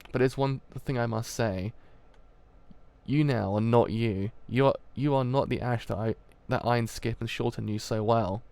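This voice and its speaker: A man doing a gentle, worried young man. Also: mid-range voice, moderate pace, gravelly, clear, resonant tone, natural voice. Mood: earnest. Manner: soft, earnest, pleading.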